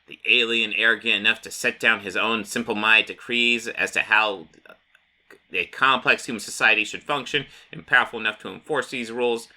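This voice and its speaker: A man's voice: fairly low pitch, steady tone, moderate pace, sharp tone. A man voicing an arrogant male genius billionaire villain in a clipped, disdainful way.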